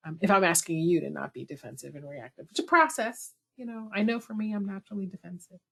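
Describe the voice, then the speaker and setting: A woman hosting a webinar over a video call, talking in a chatty, lively way with self-deprecating asides. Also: lowish voice, fast talker, vocal fry. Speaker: webinar host. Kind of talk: conversational webinar talk.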